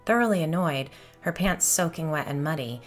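A woman podcast host narrating a first-person story in a steady, conversational storytelling way. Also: low-pitched, moderate pace, faint music behind.

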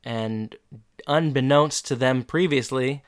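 A man co-hosting a casual podcast, retelling scenes in a relaxed way. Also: mid-range voice, takes it slowly, smooth. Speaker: podcast co-host. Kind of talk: casual chat recapping a show.

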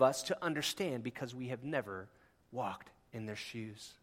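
A man preaching a sermon as pastor, impassioned and conversational, swinging from hushed lines to near-shouts. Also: mid-range voice, animated, normal speed, hardly any pauses. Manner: conversational, with asides and laughs.

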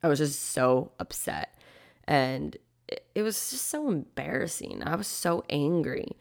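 A young woman hosting a podcast candidly retells a personal story, animated and full of quoted asides and plenty of "like." Her voice is low with vocal fry, and she speaks a little slowly.

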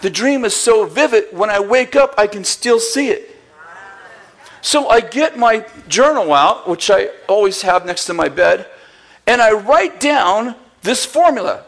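A man's voice: high-pitched, a bit bright. A man preaching a sermon, telling a story with acted-out dialogue and bursts of laughter. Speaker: pastor.

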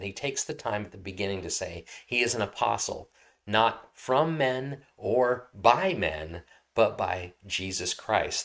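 A man's voice: on the low side, fairly bright tone. A married man, a pastor, preaching a conversational sermon and often checking in with his listeners. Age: adult, married. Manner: conversational, often asks "right?".

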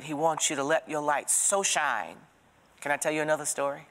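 A woman teaching a Bible study, telling stories in an expressive, preacherly way and asking the listener direct questions. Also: deep voice, brisk, in a large hall.

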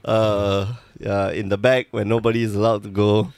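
A man's voice: fairly low pitch, flat delivery, normal speed, darkish tone, clean tone, no room sound. A man hosting a casual podcast, joking and rambling, with a slight lisp from a sore tongue. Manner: joking, rambling, self-deprecating. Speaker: podcast host.

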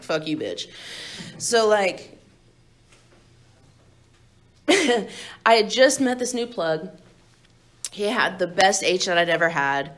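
A young woman candidly telling her own recovery story to a group, blunt and profane and laughing often. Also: on the low side. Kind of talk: candid personal testimony to a group.

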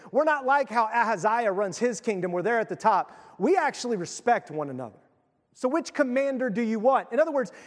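A man preaching a sermon, retelling a Bible story with animated, casual acted-out voices. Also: extremely high pitch, in a large hall. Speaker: pastor.

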